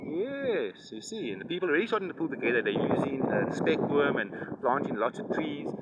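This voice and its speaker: A man's voice: on the high side, sing-song, fairly quick, highs cut off. Guy lecturing a kid by the river, keeps saying right? you understand?, windy mic. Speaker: environmental activist explaining to a child. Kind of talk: rambling outdoor explanation. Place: outdoors by a river canal. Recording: loud wind noise outdoors.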